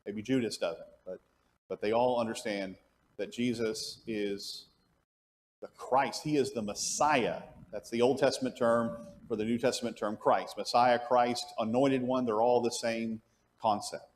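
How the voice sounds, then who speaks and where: A man's voice: mid-range voice, steady tone, measured pace, a little hiss or hum. A man teaching an adult Bible class at church. He asks the class questions, answers them himself, and often restarts his sentences as he thinks aloud.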